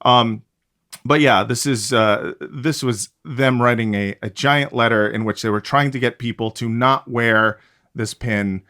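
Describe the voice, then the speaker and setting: A man in the middle of the pitch range co-hosts a podcast. He talks in a loose, sarcastic way and rambles with plenty of fillers. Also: measured pace, sharp tone. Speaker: podcast co-host. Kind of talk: casual podcast chat.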